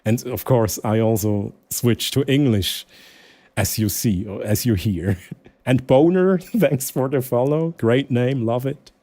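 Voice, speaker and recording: A Swiss German live streamer from Aargau, Switzerland, chats casually with his viewers in English, with a Swiss German accent. He often pauses and restarts while searching for words. His mid-range voice is mellow, with no echo.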